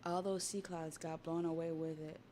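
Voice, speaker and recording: A young woman on a casual livestream, talking through a story with excitable chatter and offhand swearing. Her voice sits a little low. It is recorded on a desktop mic. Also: moderate pace, a little hiss or hum. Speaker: streamer.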